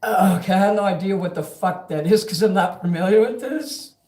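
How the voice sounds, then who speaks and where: A man's voice: high-pitched, a little fast, a little mellow. A man ranting profanely and rambling in a casual livestream between karaoke songs. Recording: echoey room over karaoke backing music.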